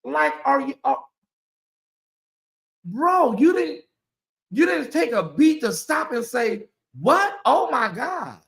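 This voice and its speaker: A woman hosting a commentary channel, talking casually to her viewers, animated and repeating herself as she exclaims. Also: high voice, slow, gravelly, pauses often, echoey room.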